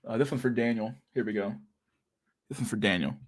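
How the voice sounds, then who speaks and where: A man's voice: on the low side, brisk, no room sound, clean studio sound. A young man from Canada, rambling and swearing casually as the host of a livestream chat. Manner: rambling, profane, laughs at memes.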